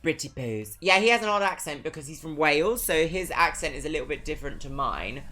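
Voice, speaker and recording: A livestreamer with a southern English accent chats casually with viewers, reading out their messages. The voice is bright and forward, perky on greetings and dry on asides. Soft music plays faintly in the background. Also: medium pitch, fairly quick. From Brighton, England. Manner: chatty and expressive, swinging between perky greetings and dry asides.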